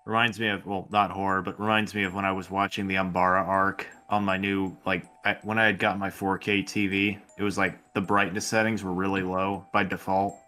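A man's voice: sits low, little pitch movement, brisk, few pauses, bright, forceful tone. A man in casual podcast chat, telling stories with joking asides.

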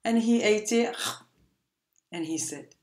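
Woman teacher doing phonics for little kids, super slow drawn out sounds, echoey room. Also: mid-range voice, expressive. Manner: drawn-out letter sounds, gentle storytelling. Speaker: preschool teacher. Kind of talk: phonics lesson for young children.

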